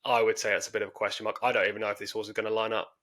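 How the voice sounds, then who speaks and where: A man's voice: on the low side, level tone, very fast, a bit bright. A man co-hosting a podcast, casually breaking down horse racing form with careful, hedging analysis. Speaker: podcast co-host.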